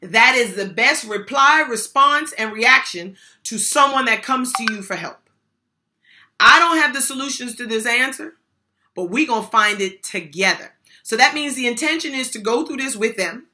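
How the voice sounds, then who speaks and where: A woman's voice: fairly high pitch, bright, forceful tone. An older woman giving a motivational workshop talk on supporting people, speaking emphatically in a folksy way and repeating key phrases.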